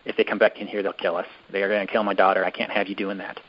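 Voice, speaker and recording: A man voicing a frightened father who pleads in a hushed, urgent voice, on a dull lo-fi recording. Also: low voice, flat delivery, very fast, a little hiss or hum, pitched below the performer's own voice, natural voice.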